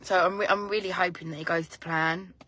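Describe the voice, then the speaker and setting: A woman's voice: lowish voice, fairly even intonation, brisk, fairly bright tone. Chatty woman, casual and swearing. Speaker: host. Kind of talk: casual chat.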